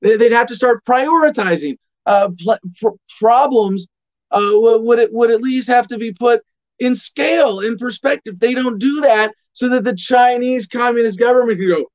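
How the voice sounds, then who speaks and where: A man with a high voice delivers a political commentary monologue. He is emphatic and asks and answers his own questions. The recording sounds dull and lo-fi. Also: normal speed.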